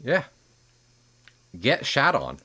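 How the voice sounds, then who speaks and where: A man giving casual, rambling commentary while streaming a game, chuckling at his own jokes and trailing off into quieter asides. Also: medium pitch, huge pitch swings, extremely slow, slightly rough.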